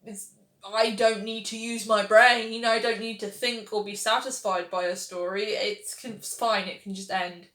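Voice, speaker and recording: A woman's voice: medium pitch, steady tone, normal speed, fairly bright tone. A woman giving casual, sarcastic commentary on a television series, exasperated with its writing. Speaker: pop culture reviewer. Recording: roomy echo.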